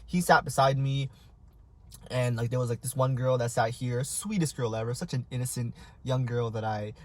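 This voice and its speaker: A man, telling stories in a casual, animated, self-mocking way and acting out voices. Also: medium pitch, normal speed. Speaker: vlogger. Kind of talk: casual storytelling while eating.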